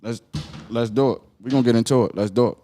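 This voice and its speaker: A man with a Baltimore accent hosting a podcast, reacting to a video in animated casual commentary, repeating himself and asking "right?". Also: medium pitch, fairly quick, a little hiss or hum. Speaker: podcast host.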